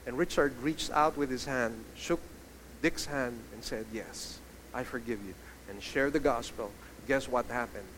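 A man preaching a sermon to a congregation, animated, asking the listeners questions and telling stories. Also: mid-range voice, normal speed, noisy background. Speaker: pastor.

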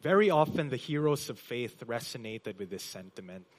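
A man pastor preaching a sermon in a church, with emphatic delivery that swells loud on key phrases and drops soft. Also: mid-range voice, big pitch swings, normal speed. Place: church hall.

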